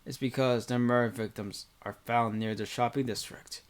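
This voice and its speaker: A man's voice: mid-range voice, steady tone, moderate pace. A man reading a visual novel aloud with casual, rambling commentary full of fillers.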